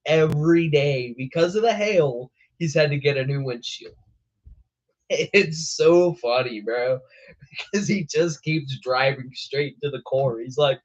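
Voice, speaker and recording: A man's voice: on the high side, a little slow, dull audio. A young man hosting a weather show, chatting casually on a live stream, laughing often and calling people bro. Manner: laid-back, laughing, says bro a lot.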